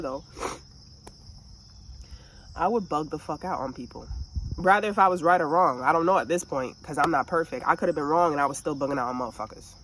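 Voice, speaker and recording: A woman venting in a casual monologue, telling a story with lots of swearing and animated asides. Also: low voice, slight background noise. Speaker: vlogger.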